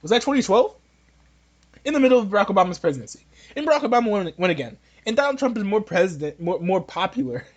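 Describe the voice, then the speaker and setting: A high-voiced man hosting a casual opinion podcast. He rambles and jokes, often restarting his sentences. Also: big pitch swings, fast, lo-fi sound. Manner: rambling, joking, many restarts. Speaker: podcast host. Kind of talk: casual political opinion talk.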